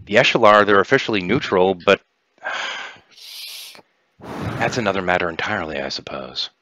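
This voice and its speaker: A man's voice: deep voice, animated, unhurried, sharp tone, no echo, pitched above the performer's own voice, exaggerated voice. A man voicing a troubled, evasive male alien envoy who hesitates and stammers.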